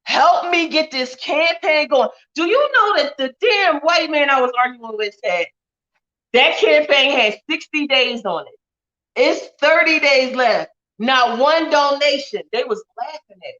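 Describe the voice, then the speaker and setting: A woman's voice: sits high, lively intonation, a little slow, pushed and bright, highs cut off. A woman talking bluntly and heatedly in a profane livestream rant. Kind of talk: ranting livestream monologue.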